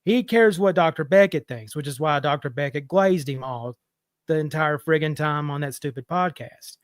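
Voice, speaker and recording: A man's voice: fairly high pitch, moderate pace, no room sound, clean studio sound. A man calling in to a show and ranting heatedly, swearing freely. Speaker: caller. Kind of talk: casual call-in rant.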